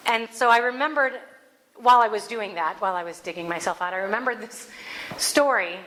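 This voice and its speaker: A woman host giving a spiritual reflection talk, telling stories in an animated way with laughter. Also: a little high, fairly quick. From Alaska. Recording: echoey room, faint background noise.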